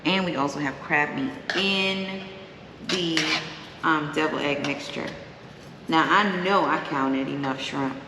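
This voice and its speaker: A woman hosts a cooking vlog, chatting in a relaxed way with her viewers and savoring the food between lines. Her voice sits low and she speaks slowly. The recording has background noise and a long, echoey room reverb.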